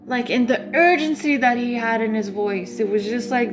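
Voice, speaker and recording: A woman's voice: a little high, expressive, moderate pace, hardly any pauses, over music. A woman tarot reader on a livestream, telling a dream in a rambling way with many fillers.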